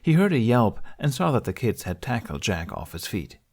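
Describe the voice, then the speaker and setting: A man reading fan fiction aloud as audiobook narration, steady and measured. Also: on the low side, gravelly. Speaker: podfic reader.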